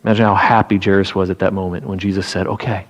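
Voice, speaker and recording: A man, a pastor, preaching a sermon as animated storytelling, acting out pleading voices and often repeating and restarting phrases. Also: deep voice, very fast.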